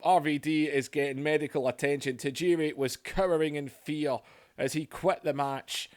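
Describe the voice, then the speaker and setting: A man giving excitable play-by-play commentary over a video game, going from low chatter to yelling. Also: moderate pace. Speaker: gaming channel host.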